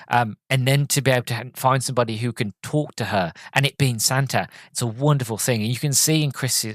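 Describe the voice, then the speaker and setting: A man's voice: mid-range voice, dry recording. A man hosting a podcast, reviewing a film in a casual, earnest and rambling way, stumbling over and repeating words as he gets sentimental. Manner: sentimental, openly moved.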